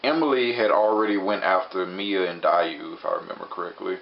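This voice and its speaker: A man's voice: low voice, a little fast, vocal fry. A young man casually recapping a TV episode in a rambling, chatty way full of filler words. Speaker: show reviewer. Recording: dull lo-fi recording with faint hiss.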